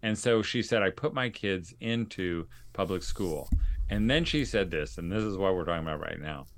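A man's voice: low voice, animated, moderate pace, a little hiss or hum. A man hosting a podcast, telling stories in an earnest, conversational way to his listeners. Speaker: podcast host. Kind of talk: casual podcast monologue.

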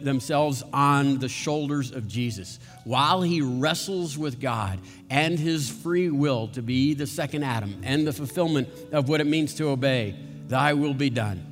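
A man preaching a sermon slowly and dramatically, building to intense questions. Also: medium pitch, big-room sound.

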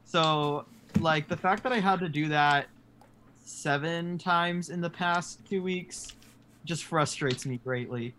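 A man's voice: fairly high pitch, slow, pushed and bright. Hesitant teen boy host, noisy line. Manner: hesitant, filler-heavy questions. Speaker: podcast host. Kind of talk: casual chat. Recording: noisy video call audio.

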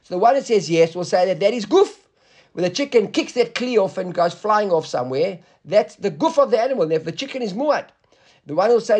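Husky high-voiced man teaching Talmud. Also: expressive, brisk, darkish tone. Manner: explains step by step, often asks "right?" to check students follow; mixes English with Hebrew and Aramaic terms. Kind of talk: Talmud class lecture.

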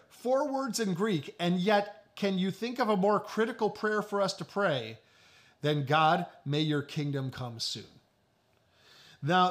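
Guy preaching a sermon, pretty high voice, leans hard on repeated lines. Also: a bit bright. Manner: emphatic, repeats key phrases, slows for stress. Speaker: pastor.

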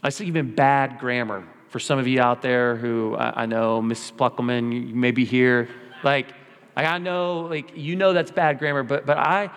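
A man's voice: medium pitch, long reverb tail. A male pastor giving a sermon in an earnest, conversational way, repeating key phrases for emphasis. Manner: earnest, conversational, repetitive exhortation. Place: church sanctuary.

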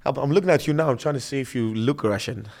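A young man hosting a podcast, chatting in an animated, joking way and teasing his guest. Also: mid-range voice, fast, vocal fry. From Greece. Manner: animated, jokey, playful teasing. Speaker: podcast host. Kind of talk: casual conversation.

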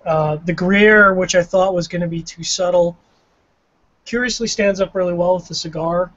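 A man's voice: sits high, steady tone, moderate pace, fairly bright tone. A man with a Canadian accent co-hosting a casual tasting chat, musing and self-deprecating. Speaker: co-host of a cigar pairing show. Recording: dull lo-fi audio.

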